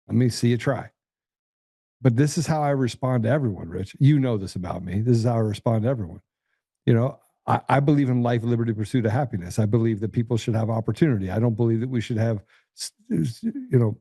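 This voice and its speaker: A man's voice: mid-range voice, mellow, no room sound, studio quality. A man hosting a political talk show, speaking bluntly and combatively, often repeating and restarting his words. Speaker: podcast host.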